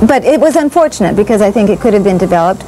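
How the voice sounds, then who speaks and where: A woman, an actress, reminiscing in an interview, talking haltingly with frequent restarts and light chuckles. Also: medium pitch, animated, noisy background.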